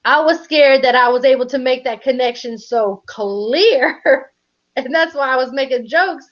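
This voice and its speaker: A woman co-hosting a live stream, telling a story in a casual, animated way with slang and frequent laughter. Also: high-pitched, a little slow. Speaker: live stream co-host doing readings. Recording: dull lo-fi stream audio.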